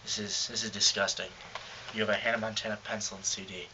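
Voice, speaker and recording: A man playing a self-important TV reporter in a parody, speaking in deadpan, pompous narration. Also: fairly low pitch, fast talker, slight background noise. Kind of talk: parody news-magazine narration.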